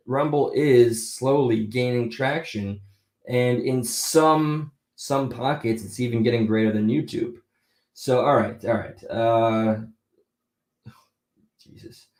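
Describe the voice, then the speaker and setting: A man's voice: medium pitch, a little mellow, reverberant. A man hosting a casual live stream on a spatial mic, chatting in a rambling way and often stopping mid-thought to start over.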